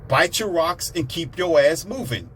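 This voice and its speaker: A man's voice: a little high, expressive, a little slow, fairly bright tone, a little hiss or hum. A man giving a blunt, preachy motivational monologue, repeating himself to drive points home. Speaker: motivational speaker.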